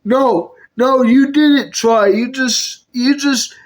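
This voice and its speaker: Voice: high voice, slow. A puppet video maker performing every character in a comedy skit, switching between bickering character voices.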